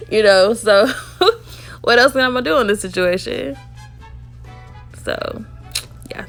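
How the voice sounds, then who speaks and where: A woman's voice: lowish voice, fairly bright tone. A young woman from Alabama telling a dating story in a casual, chatty way, leaning on "you know" and laughing often.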